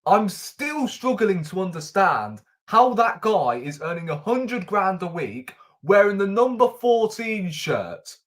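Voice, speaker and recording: A man's voice: high voice, big pitch swings, slow pace, hardly any pauses, fairly bright tone. A man ranting on a live stream as a football fan host, exasperated and incredulous, firing rhetorical questions at the camera. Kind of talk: live-stream match reaction rant. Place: at home in front of a camera.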